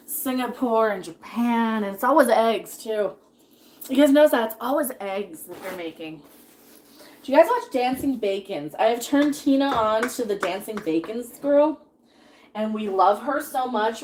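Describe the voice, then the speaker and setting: A woman's voice: mid-range voice, darkish tone, a little hiss or hum. A woman in her thirties chatting casually while cooking on a live stream, rambling and laughing often as she reads chat.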